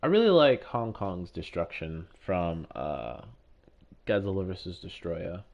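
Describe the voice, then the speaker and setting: A man's voice: low voice, very animated, unhurried, creaky, darkish tone, highs cut off. A man livestreaming a game, chatting casually with his chat and swearing angrily at other players. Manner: chatty, answers chat questions. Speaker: gaming livestreamer.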